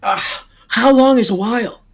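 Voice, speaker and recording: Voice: mid-range voice, normal speed, vocal fry, close to an everyday voice. A tabletop player voicing a blunt, short-tempered man who swears and demands answers. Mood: puzzled.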